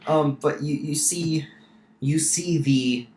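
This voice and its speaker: A man's voice: on the high side, slow, a little mellow. A man narrating a tabletop game as game master, casual and full of fillers. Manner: casual, many fillers and restarts. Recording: roomy echo.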